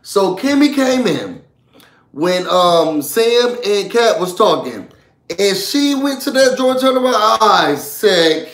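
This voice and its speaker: A man casually recapping a reality show for his viewers, animated and chatty, often calling out to them. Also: high-pitched, slow pace, roomy sound. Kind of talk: casual live recap chat.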